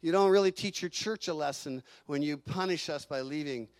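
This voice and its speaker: A middle-aged man preaching a sermon in an animated way, sometimes acting out the voices of the people he quotes. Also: on the high side, fairly quick, dry recording. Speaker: pastor.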